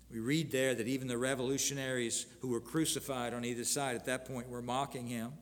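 A man's voice: medium pitch, little pitch movement. Man preaching in a reverberant hall. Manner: earnest, reads scripture aloud with pauses and restarts. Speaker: pastor. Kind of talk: sermon.

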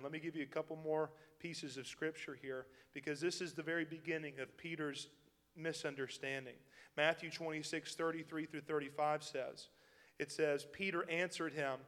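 Folksy preacher in a reverberant hall. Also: male voice, fairly high pitch, fairly even intonation, moderate pace, a bit bright. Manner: folksy, preachy, emphatic with chuckles. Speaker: pastor. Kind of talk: sermon.

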